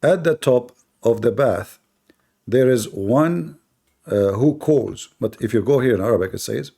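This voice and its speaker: A man's voice: medium pitch, animated, unhurried, creaky, mellow, slightly rough. A man in a live online debate, combative and scornful, repeating points for emphasis in non-native English.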